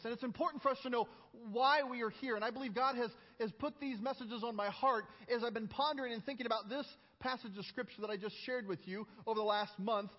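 A man preaching an earnest sermon as a pastor, acting out the dialogue of the passage and often repeating a word as he starts a phrase. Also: very high voice. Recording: dull sound with long hall reverb.

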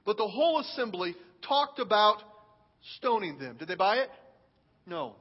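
A man preaching a sermon to his church, reading scripture with animated, dramatic swings in loudness. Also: sits high, normal speed, slightly rough. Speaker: pastor. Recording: dull sound with long hall reverb.

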